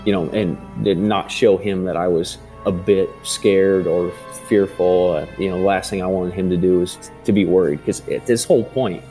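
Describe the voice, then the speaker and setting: A man in his thirties, a father, recounting a frightening rescue in a halting way, with many fillers and restarts. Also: deep voice, fairly even intonation, warm tone, soft background music. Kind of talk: interview testimony.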